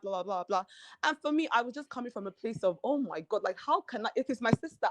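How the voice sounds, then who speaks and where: Fast-talking woman telling a story. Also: medium pitch, no echo. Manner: animated, acts out quoted dialogue. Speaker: reality show cast member guest. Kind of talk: candid podcast interview storytelling.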